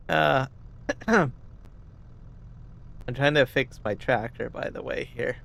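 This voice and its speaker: Man, gaming streamer, loose rambling chat with lots of "right?" and throat clearing, mid-pitched everyday voice. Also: sing-song, drawn-out words, long pauses, a bit bright. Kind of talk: casual live-stream chat.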